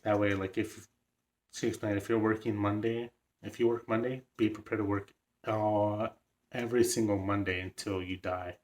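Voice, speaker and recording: A young man casually recounting a story in a vlog, rambling with lots of fillers and the odd excited laugh. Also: fairly low pitch, normal speed. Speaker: vlogger.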